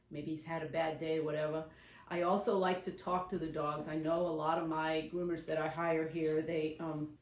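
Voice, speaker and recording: A woman who is a professional dog groomer and shop owner, giving chatty, rambling how-to advice in a grooming salon. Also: deep voice. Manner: chatty and rambling, often acting out examples. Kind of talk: casual instructional talk to camera. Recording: echoey room.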